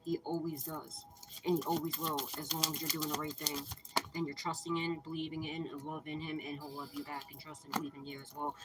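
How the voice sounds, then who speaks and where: A woman's voice: low-pitched, level tone, a little fast, very noisy. A woman hosting her channel, giving viewers a casual, profane spiritual pep talk and repeating her reassurances over and over. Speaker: spiritual reader and channel host.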